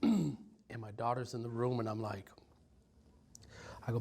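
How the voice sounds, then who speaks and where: A man in his forties from Stockton, California, telling his life story in an interview, reflective and halting with many pauses and ums. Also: medium pitch, creaky, dark tone. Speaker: violence prevention worker. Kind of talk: personal story told in an interview.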